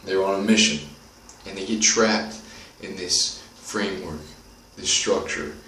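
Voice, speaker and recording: A man's voice: deep voice, fairly even intonation, measured pace, sharp tone, recorded from a distance. Motivational host: earnest man, direct and repetitive, roomy sound with faint background noise. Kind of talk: motivational monologue.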